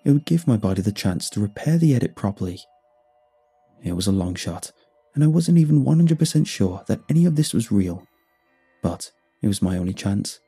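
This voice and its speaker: A man giving tense, scripted first-person horror narration with hushed drops in his voice. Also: lowish voice, breathy edge.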